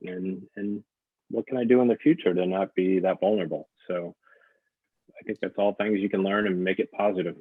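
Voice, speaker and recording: A man with a low, husky voice joins a book club discussion and answers in an agreeable, reflective way. His audio is dry and tinny, like a phone line. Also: fairly even intonation, a little fast, no echo. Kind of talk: casual discussion.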